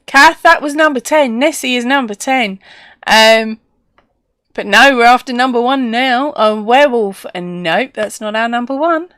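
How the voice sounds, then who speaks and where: A woman's voice: fairly high pitch, unhurried, fairly bright tone, no room sound, studio quality. A woman hosting a casual live stream, chatty and laughing often as she reads out viewer comments.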